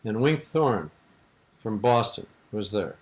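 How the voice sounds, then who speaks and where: In an interview preserved on archival tape, an older man with a fairly low voice and lively intonation tells a long, rambling anecdote at a slow pace. His tone is amused, and he breaks into laughter now and then.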